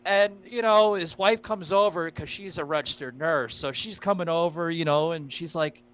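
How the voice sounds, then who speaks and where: A man hosting a podcast in casual chat, telling stories in a rambling, excitable way and swearing freely. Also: fairly high pitch, moderate pace, clear, resonant tone. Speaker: podcast host.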